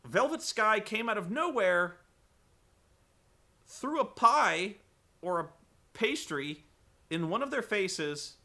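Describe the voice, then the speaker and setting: A man recapping a wrestling show for comedy, rambling and incredulous, swearing and acting out the quotes loudly. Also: high voice, expressive, slow, long pauses.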